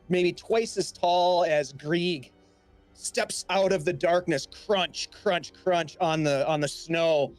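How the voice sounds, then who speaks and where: A man narrating a tabletop game as game master, in a slightly high voice. He rambles and restarts, with lots of fillers. Quiet music plays under him.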